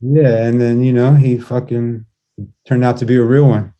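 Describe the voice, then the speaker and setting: A man's voice: medium pitch, flat delivery, mellow, highs cut off. A man being interviewed as a guest musician, telling stories in a laid-back way, swearing freely and often restarting his sentences. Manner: halting, with frequent restarts. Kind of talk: casual interview chat.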